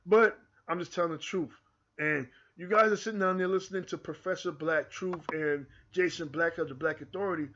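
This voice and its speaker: A man from the United Kingdom with an American accent hosts his own channel, delivering a fervent, repetitive, impassioned monologue straight to camera. His voice is on the high side, fairly quick and a bit bright, on a dull lo-fi recording with slight background noise.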